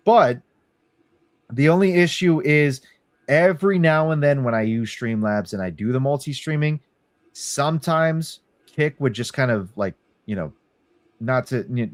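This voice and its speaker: A man's voice: mid-range voice, no room sound. A young man, chatting casually as a podcast co-host, rambling and swearing between laughs. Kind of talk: casual chat.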